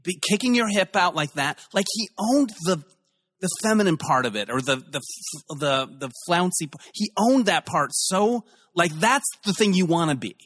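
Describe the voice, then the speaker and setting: A man's voice: high-pitched, expressive, moderate pace, fairly bright tone, long reverb tail. A male host asking questions and rambling enthusiastically in a casual interview chat. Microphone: video call.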